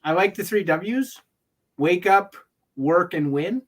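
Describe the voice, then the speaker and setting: A man's voice: sits high, expressive, over a noisy crowd. Blunt, opinionated man in casual chat. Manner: opinionated, blunt, quick asides. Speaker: co-host.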